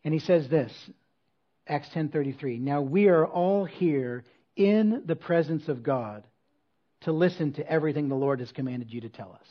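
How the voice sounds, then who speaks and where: A man preaching a sermon to a congregation from a church stage, talking in a conversational way with quick asides and rhetorical questions. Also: on the high side, muffled recording. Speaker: pastor.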